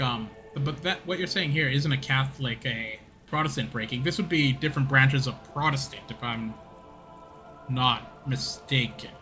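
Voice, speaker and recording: A man with a slightly high, bright, forceful voice streams a game, rambling casually through his commentary. He laughs often and pokes fun at himself.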